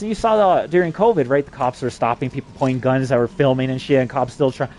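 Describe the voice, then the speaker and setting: A man talking in a rambling, heavily profane monologue that climbs higher when he gets worked up. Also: quick pace, few pauses. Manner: excitable, voice climbs when agitated.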